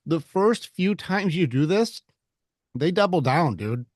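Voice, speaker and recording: A man's voice: on the high side, lively intonation, slow, dry recording, clean studio sound. A man coaching another man in a conversation, blunt and given to swearing, who acts out both sides of arguments. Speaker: relationship coach.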